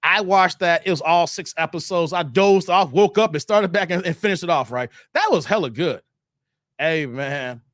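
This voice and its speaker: A man hosting a casual live stream, reading viewer comments and ranting in an animated, joking way with frequent laughter. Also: fairly high pitch, normal speed, no echo, studio quality.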